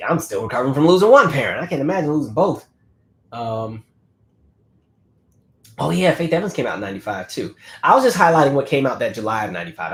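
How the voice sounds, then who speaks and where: Slightly hoarse man chatting casually. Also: mid-range voice, fairly bright tone. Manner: conversational, many fillers and restarts. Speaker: livestream host reading chat comments. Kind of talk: casual livestream chat.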